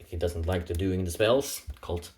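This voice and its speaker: A man's voice: low voice, unhurried, darkish tone. Rambling, playful man retelling a comic. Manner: rambling, playful, with sound effects. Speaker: comic narrator.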